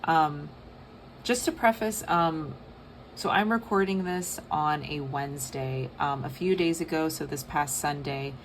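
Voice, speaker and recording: A young woman giving a casual tarot reading, soft and rambling with many fillers. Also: low voice, a little slow, slight background noise. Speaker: tarot reader.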